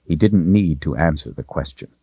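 A man with a very deep voice reads a fantasy novel aloud, his delivery lively and dramatic, rising and falling freely. The sound is dry and close, a little dull and muffled. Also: moderate pace, slightly rough, no echo. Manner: dramatic, expressive storytelling. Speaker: audiobook narrator. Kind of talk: scripted fantasy narration.

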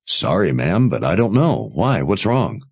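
A man's voice: low voice, very animated, measured pace, darkish tone, breathy edge, dry recording, heavily acted. A man voicing a friendly, concerned young wine seller who talks easily. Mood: kindly.

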